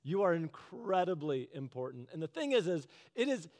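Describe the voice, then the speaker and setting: Male preacher with a high voice and an earnest, chatty sermon delivery. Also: very animated, normal speed, a little mellow. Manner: earnest, chatty storytelling with laughs. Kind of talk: conversational sermon.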